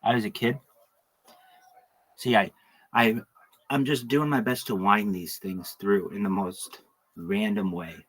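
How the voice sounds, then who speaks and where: A man's voice: lowish voice, fairly even intonation, unhurried, long pauses, fairly bright tone, slightly rough. A man talking on a livestream in a rambling, joking, crude monologue full of asides.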